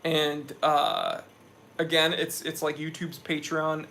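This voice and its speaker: Energetic young man hosting a live stream. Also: fairly high pitch, takes it slowly. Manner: energetic, reads chat messages aloud. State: sweaty after a hike. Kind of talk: casual live stream chat.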